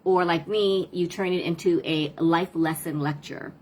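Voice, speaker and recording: A woman's voice: lowish voice, fairly even intonation, unhurried, darkish tone, slight background noise, low-quality recording. A woman parent coach talking casually to viewers on a live stream, asking rhetorical questions and replying to comments.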